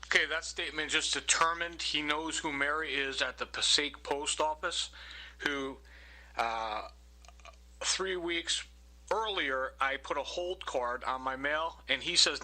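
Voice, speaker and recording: A man's voice: fairly high pitch, measured pace, pushed and bright, low-quality recording. A man narrating over his own recordings, indignant and accusing, repeating his complaint.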